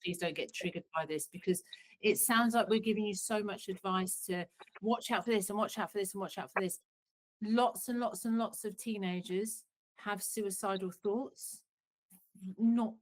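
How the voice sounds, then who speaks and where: A woman's voice: medium pitch, moderate pace, poor audio. A middle-aged woman psychotherapist, giving earnest, practical advice in an online workshop, often restarting her sentences.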